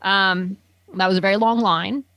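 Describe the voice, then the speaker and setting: A woman in casual chat, telling a long, enthusiastic story and padding it with fillers. Her voice sits in a middle pitch, recorded close and dry. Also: steady tone, normal speed, fairly bright tone, no echo.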